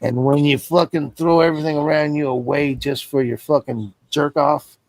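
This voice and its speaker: A man's voice: a little high, fairly even intonation, normal speed, gravelly, no room sound, poor audio. A man telling a personal story in casual stream chat, blunt and heavily profane.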